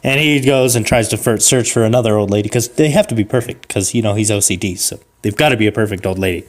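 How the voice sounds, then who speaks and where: A man improvising a comic story on a podcast, rambling with fillers and restarts, and jumping to a shrill falsetto for old ladies. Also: quick pace. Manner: rambling, with fillers and self-corrections. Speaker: podcast co-host.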